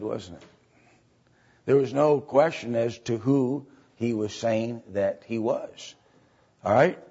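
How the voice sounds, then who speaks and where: A man teaching a Bible study lecture, halting with fillers and often checking in with "right?" and "okay?". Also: mid-range voice, a little mellow, breathy edge. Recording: dull lo-fi recording.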